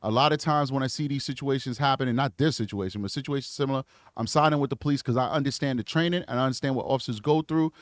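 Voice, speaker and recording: A man's voice: medium pitch, quick pace, no echo, studio quality. A man giving blunt, emphatic commentary on a true crime video, talking back to the clips he plays. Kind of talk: casual reaction commentary.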